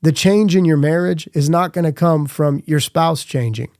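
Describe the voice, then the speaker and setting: Man, podcast host, earnest devotional speaker; warm tone, dry close mic, mid pitch. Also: normal speed, dry recording. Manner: earnest, repetitive questioning.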